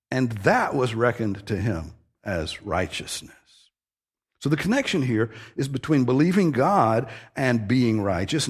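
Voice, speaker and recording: A man's voice: mid-range voice, a little mellow, husky. A man preaching an expository sermon, earnest and emphatic, stressing key phrases as he teaches.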